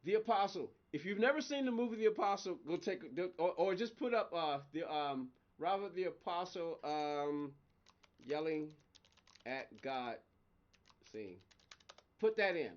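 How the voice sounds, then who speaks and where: A gaming livestream host with a fairly high voice talks at a measured pace over dull audio. He's chatty and laughs a lot, rambling from story to story, his pitch leaping when excitement hits.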